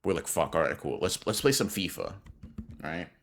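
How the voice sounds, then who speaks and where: A young man co-hosting a podcast, telling an animated, profane story in casual slang. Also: a bass voice, normal speed, gravelly, faint music behind. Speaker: podcast co-host.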